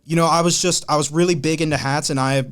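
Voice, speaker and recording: A man's voice: a little high, steady tone, fast, clear, resonant tone. Laid-back man telling stories casually. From Columbus, Ohio. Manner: laid-back, slangy storytelling. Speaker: podcast guest, hat designer. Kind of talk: casual conversation.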